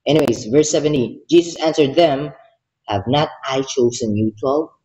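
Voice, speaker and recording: A man reads the Bible aloud in a devotional session, commenting on it with emotion and passion before moving into prayer. His voice is medium-pitched and dark-toned at a moderate pace, and the audio quality is poor.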